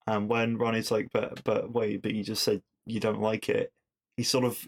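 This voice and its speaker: A man's voice: fairly low pitch, fairly even intonation, normal speed, creaky. A young man hosting a podcast, chattily recapping an episode and quoting its lines. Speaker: podcast host.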